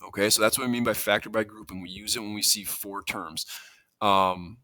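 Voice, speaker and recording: A man's voice: lowish voice, bright, forceful tone, no room sound. A man teaching a math lesson, explaining steps in a conversational way, thinking aloud and correcting himself as he goes. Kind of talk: classroom lesson walkthrough.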